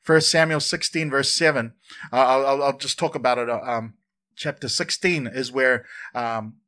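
A man preaching a sermon in church, lively and conversational, often repeating words and adding asides. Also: medium pitch, moderate pace. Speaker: pastor.

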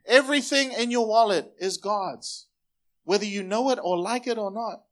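A pastor with a high, bright-pitched voice delivers a lively sermon. He talks straight to the congregation and has them repeat his words back to him. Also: normal speed. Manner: energetic, calls on the congregation to repeat phrases.

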